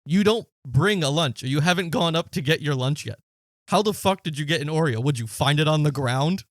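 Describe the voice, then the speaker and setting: Animated man telling a story. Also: on the high side, a little fast, no echo, clean studio sound. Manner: animated storyteller acting out quotes, swears freely. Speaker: podcast co-host. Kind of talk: casual storytelling chat.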